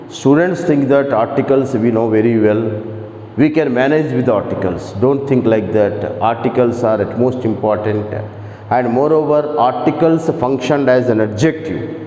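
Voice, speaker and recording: Slow Indian English teacher in an echoey room. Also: male voice, mid-range voice, warm tone. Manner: deliberate, repeats key phrases for emphasis. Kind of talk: classroom grammar lecture. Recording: echoey room, muffled lo-fi audio.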